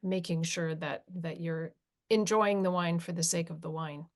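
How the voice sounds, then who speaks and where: Gravelly-voiced woman moderating a call. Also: on the low side, steady tone. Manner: polite, halting, lots of fillers. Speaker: summit moderator. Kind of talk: moderating a virtual Q&A. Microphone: video call.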